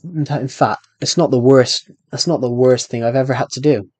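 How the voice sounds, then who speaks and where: A man's voice: medium pitch, fairly quick, darkish tone, no room sound, soft background music. Young man ranting on a live stream. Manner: rambling, repeats and restarts phrases; aggrieved storytelling. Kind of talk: casual live stream chat while gaming.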